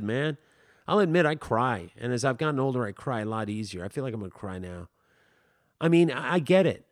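Middle-aged man, acting coach, expressive and loud-to-soft, dry close mic. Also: mid-range voice, a little fast, no echo. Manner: animated, swings between soft asides and loud emphatic bursts; conversational, with frequent stammered restarts and "man". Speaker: acting teacher. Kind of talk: informal teaching talk.

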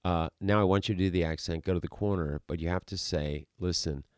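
A man's voice: low voice, steady tone, fast talker, dry recording, clean studio sound. A man, an acting teacher, talking through a podcast monologue in an emphatic way, asking rhetorical questions and repeating words as he makes his points.

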